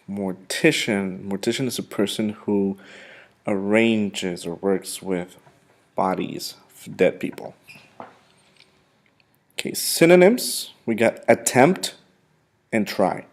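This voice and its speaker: A male English teacher giving a vocabulary lesson, who repeats words and pronounces them slowly and with emphasis. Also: lowish voice, sing-song.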